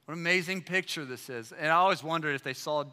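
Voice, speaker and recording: A pastor delivers a sermon in a bright, forceful voice that sits a little high. He presses his points with rhetorical questions, and his words ring with long reverb from a big hall. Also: fast, smooth. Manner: emphatic, full of rhetorical questions.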